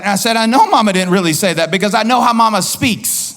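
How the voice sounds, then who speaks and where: A male pastor preaching a sermon in an animated way, acting out quoted voices and repeating lines for emphasis. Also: high-pitched, fast.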